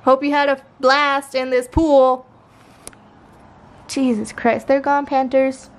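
A woman's voice: high-pitched, level tone, takes it slowly, pauses often, low-quality recording. A young woman chatting casually and animatedly in a home vlog, swearing now and then. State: out of breath after a workout. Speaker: vlogger.

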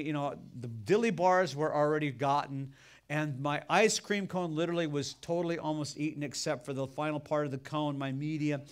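An American pastor with a voice slightly higher than most men's preaches through folksy, animated stories. He addresses the congregation directly.

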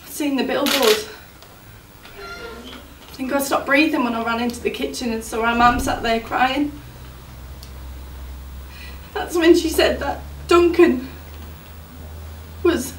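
An actress playing a grieving young fiancée in a stage monologue, speaking in an emotional, halting way. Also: female voice, high-pitched. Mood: anxious, tearful. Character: young woman, grieving fiancée, anxious and devoted. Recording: roomy, distant from the mic.

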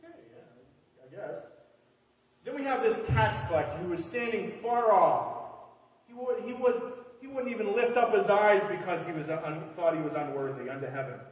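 Man preaching a casual, rambling sermon to a congregation; fairly high voice, heard from a distance. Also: animated, moderate pace. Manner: conversational, rambling, with many fillers and restarts. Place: church hall before a live congregation. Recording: echoey hall from far off.

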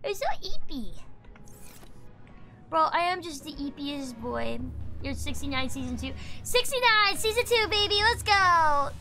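A woman's voice: high-pitched, expressive, measured pace, pushed and bright, soft background music. A woman streaming a game, chatting playfully with her audience and slipping into silly voices. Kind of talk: casual gaming stream chat.

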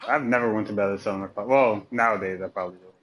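A man streaming a video game and chatting with friends in a voice party, profane and joking, laughing often and swinging into loud mock outrage. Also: lowish voice, racing. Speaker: gamer streaming live. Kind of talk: casual gameplay chat with friends in a voice party.

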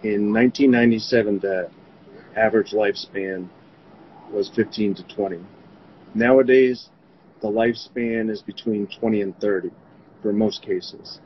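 A man from New York speaking haltingly in an interview about grief, his voice often trailing off quietly. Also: steady tone, dull audio, slight background noise. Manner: halting, grief-stricken, voice drops low. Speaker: interviewee, bereaved father. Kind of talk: remote interview.

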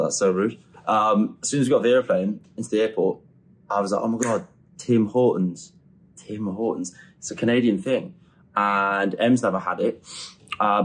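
A young man vlogging on a trip, excitable and swearing casually, filmed on a handheld camera. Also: lowish voice, breathy edge. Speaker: travel vlogger. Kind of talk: casual vlog chat. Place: out and about on a city trip. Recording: noisy ambient background.

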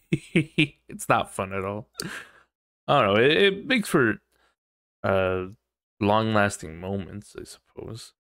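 A man's voice: on the low side, animated, takes it slowly, long pauses, a bit bright, dry recording, clean studio sound. A man hosting a casual solo podcast, rambling, swearing freely and laughing often. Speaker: podcast host.

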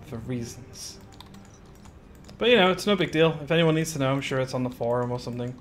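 A man's voice: mid-range voice, brisk, slight background noise. Chatty man streaming a building game. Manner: chatty, greets viewers by name, giggly asides. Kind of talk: casual live-stream chat while building.

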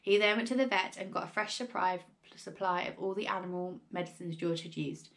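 A woman teacher reading a children's book aloud with expressive storytelling. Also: on the low side, brisk.

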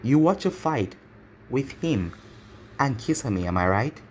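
A man voicing a scheming masked male villain who talks low and calculating. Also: big pitch swings, unhurried, darkish tone, slight background noise.

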